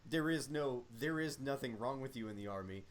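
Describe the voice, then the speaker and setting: With a crowd audible behind him, a young veteran talks briskly in a mid-range, animated voice. He's a guest on a podcast, casually swapping profane, wandering stories from his army days.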